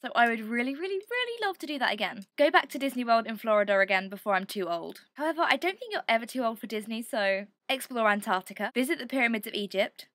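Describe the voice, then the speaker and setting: A woman's voice: a little high, expressive, fast, hardly any pauses, fairly bright tone, no room sound. Chatty young woman, dry sound. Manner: chatty, rambling, self-deprecating. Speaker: vlogger. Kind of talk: casual chat to camera.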